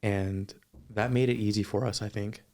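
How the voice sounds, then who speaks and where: A man guest on a podcast, telling a personal story in a measured, thoughtful, sincere way. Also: on the low side, fairly even intonation, a little mellow.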